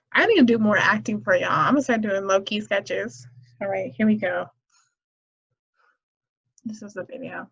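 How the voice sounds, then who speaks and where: A woman's voice: mid-range voice, normal speed, gravelly, long pauses, fairly bright tone, husky. A woman hosting a casual solo podcast, chatty and telling stories with many fillers. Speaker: podcast host. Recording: dull lo-fi recording.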